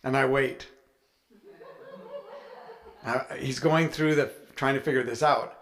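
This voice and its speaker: A man's voice: medium pitch, fairly even intonation, slow, gravelly. A man, an author, telling a chatty, anecdotal story with playful humor to a live audience. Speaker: author speaking at a writers' event.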